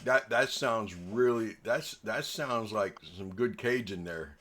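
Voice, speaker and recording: A man's voice: on the low side, takes it slowly, noisy background. A man running a tabletop game as dungeon master, telling stories with laughter and casual swearing.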